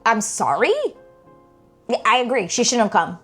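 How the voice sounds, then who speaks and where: A woman's voice: on the high side, moderate pace, husky, soft background music. Exasperated young woman reviewing a TV episode. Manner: animated and exasperated, heavy use of "like" and "girl". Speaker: TV reaction vlogger. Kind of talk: casual reaction commentary.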